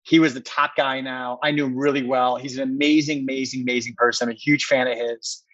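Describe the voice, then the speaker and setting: A man's voice: medium pitch, little pitch movement, fairly quick, a bit bright, no room sound. Guy telling a long story on a podcast, earnest, keeps repeating words, muffled dull audio, dry. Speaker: podcast guest, company co-founder.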